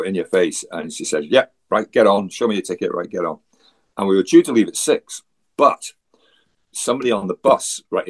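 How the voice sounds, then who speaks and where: A Scottish man from Scotland, a guest telling a travel story in a chatty way, with wry asides and frequent laughs. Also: deep voice. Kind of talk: casual storytelling.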